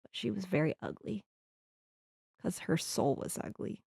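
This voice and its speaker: A woman's voice: on the low side, sing-song, measured pace, creaky, darkish tone, breathy edge, no room sound, studio quality. A woman from the Midwest hosting a podcast, talking earnestly in a rambling reflective monologue with restarts. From American Midwest. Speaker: podcast host.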